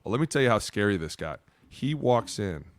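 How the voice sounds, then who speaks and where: Fast-talking deep-voiced man telling stories. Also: clear, resonant tone, no room sound. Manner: loose, profane, animated storyteller. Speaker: podcast co-host, former player. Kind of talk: casual storytelling chat.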